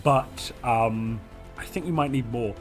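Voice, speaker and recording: A man hosting a multiplayer strategy game livestream, hoarse from a chest infection, joking in a playful, theatrical way. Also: medium pitch, a little slow, soft background music. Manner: playful, theatrical royal pronouncements. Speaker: streamer host.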